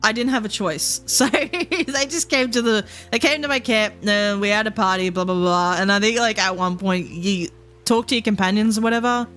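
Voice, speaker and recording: A woman's voice: medium pitch, moderate pace, fairly bright tone, soft background music. A woman streamer chatting casually, laughing often, swearing, and mimicking characters as she tells stories. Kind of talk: casual live-stream chat.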